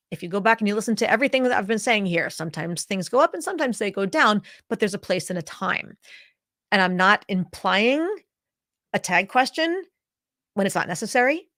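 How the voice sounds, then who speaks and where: A woman executive voice coach giving an emphatic, deliberate presentation to leaders, demonstrating vocal habits as she goes. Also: medium pitch, fairly bright tone, no room sound, clean studio sound.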